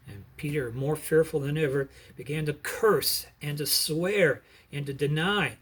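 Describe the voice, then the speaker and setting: A middle-aged man narrating a Bible story as a preacher, earnest and pausing to explain the background. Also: on the high side, husky.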